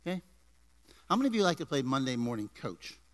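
A man preaching a sermon to a congregation, energetic, with rising emphasis and asides to the people in the pews. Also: mid-range voice, fast talker. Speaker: pastor. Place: church before a congregation.

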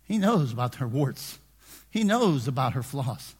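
Animated preacher with a husky voice. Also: male voice, a little high, normal speed, in a large hall. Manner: conversational preaching that swings from hushed asides to shouted emphasis. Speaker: pastor. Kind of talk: sermon.

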